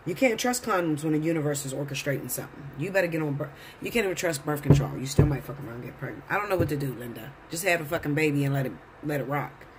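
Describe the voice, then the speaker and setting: A man's voice: on the high side, expressive, fast, hardly any pauses, noisy background. Blunt, swearing man reading tarot. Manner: blunt, profane, preachy. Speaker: tarot reader. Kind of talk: casual tarot reading to camera.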